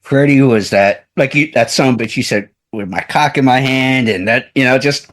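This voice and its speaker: A man's voice: medium pitch, moderate pace, a bit bright. A man hosting a radio interview, chatting casually and rambling through his questions. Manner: rambling, full of fillers and restarts. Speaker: radio show host.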